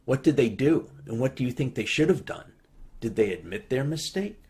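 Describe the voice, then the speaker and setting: A man calmly reading out a list of writing prompts to a congregation at home. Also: medium pitch, normal speed.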